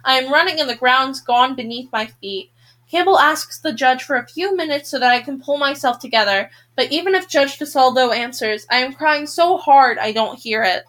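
A woman's voice: sits high, bright, forceful tone. A woman reading a novel aloud, earnest, with occasional self-corrections.

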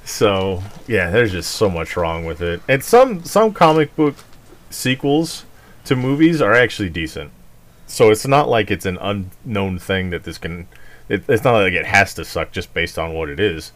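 A man's voice: sits low, big pitch swings, moderate pace. A man hosting a podcast, chatting casually and ranting with lots of swearing and mocking outbursts. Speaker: podcast host. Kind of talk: casual chat.

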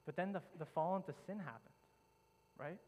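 A man's voice: high-pitched, normal speed, a little mellow, low-quality recording. A male pastor preaching a sermon, retelling a story dramatically with frequent repeats and restarts.

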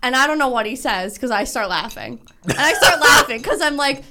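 A woman co-hosting a podcast, telling a gym story in casual chat, animated and laughing often. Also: high-pitched, brisk, heavy background noise. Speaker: podcast co-host.

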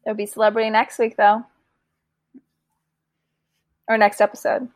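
A woman's voice: medium pitch, level tone, normal speed, dry recording. Tired woman chatting in a dry voice. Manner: agreeable, fills in show details. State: yawning, tired. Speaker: podcast co-host. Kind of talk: casual chat.

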